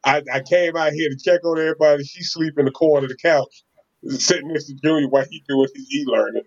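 A man, a podcast co-host, tells a story in casual chat, animated and laughing often, acting out quotes. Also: fairly high pitch, quick pace. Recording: slightly dull lo-fi sound.

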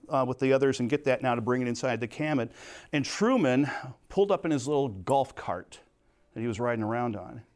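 Male Bible teacher, middle-aged, earnest storytelling sermon voice, mid pitch. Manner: earnest storytelling, swings between soft and emphatic.

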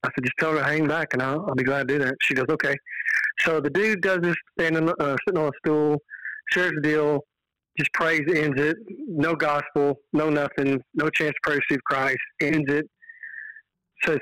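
A man from Texas with a Texan accent, a podcast guest telling stories in an earnest, animated way. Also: on the high side, no echo, poor audio. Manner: earnest, animated storyteller who quotes dialogue. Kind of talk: casual storytelling on a podcast.

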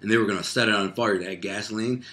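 A man's voice: fairly low pitch, steady tone, quick pace, pushed and bright, faint music behind. A man casually telling a personal story in loose, profane street talk, full of fillers like "man" and "like.".

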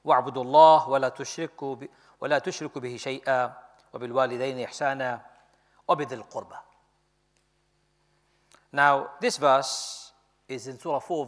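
A man's voice: mid-range voice, a bit bright. Earnest male preacher in a reverberant hall. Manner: earnest, emotional storytelling with rising emphasis. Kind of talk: sermon.

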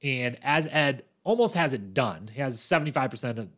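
Podcast host guy, mid pitch, chatty and animated, lots of quick asides. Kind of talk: casual podcast recap.

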